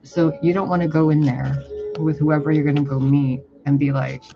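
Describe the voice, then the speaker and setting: Gravelly, profane tarot reader man. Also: on the high side, level tone, normal speed. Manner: blunt, profane, exasperated, rambling. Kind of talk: casual tarot reading. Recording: muffled, with music behind. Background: music.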